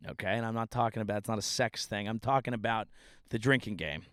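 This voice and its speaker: A man's voice: fairly low pitch, steady tone, fast talker, a bit bright, clean tone, dry recording. Rambling, self-mocking male comedian, dry sound. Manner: rambling, profane, self-deprecating. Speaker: comedian and podcast host. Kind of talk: casual storytelling monologue. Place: outdoors by a ditch at a family home.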